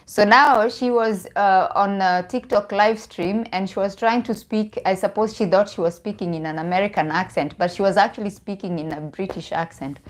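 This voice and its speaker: A young woman with a Kenyan accent chatting casually on a live stream, laughing often and restarting her phrases. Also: mid-range voice. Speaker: vlogger.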